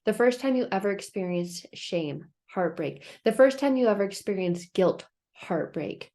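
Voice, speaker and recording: A woman hosting a self-help video, telling a story in a playful, animated way and laughing often. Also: mid-range voice, moderate pace. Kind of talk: casual advice talk to camera.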